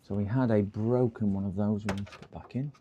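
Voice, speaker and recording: A man's voice: lowish voice, fairly even intonation, fairly quick, warm tone, lo-fi sound, slight background noise. A man talking casually on a livestream while repairing a PC, muttering to himself as he works. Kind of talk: casual live commentary while working.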